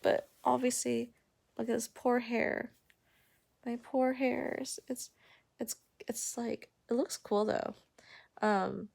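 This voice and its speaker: A woman's voice: fairly high pitch, flat delivery, takes it slowly, vocal fry, a little mellow. A woman giving a casual personal vlog update, rambling and blunt and swearing freely, filmed on a handheld camera. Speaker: vlogger. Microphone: handheld camera at arm's length.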